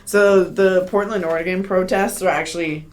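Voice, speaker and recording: A woman's voice: lowish voice, fairly even intonation, normal speed, a little mellow, a little hiss or hum. A woman co-hosting a podcast in casual chat, chatty and sarcastic as she recaps the news. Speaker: podcast co-host.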